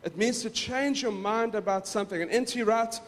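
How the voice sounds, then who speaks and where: A man's voice: sits high, normal speed. A male pastor preaching in a casual, conversational way, often repeating words as he goes. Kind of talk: casual sermon. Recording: reverberant hall.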